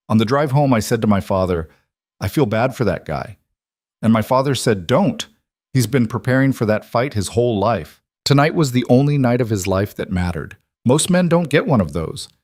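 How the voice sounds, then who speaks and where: A weary mafia boss talks low and slow, every word weighed. A man acts him out in a dry, close-miked storybook read. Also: no room sound. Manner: quiet, measured, reflective. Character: middle-aged mafia boss, guarded and weary.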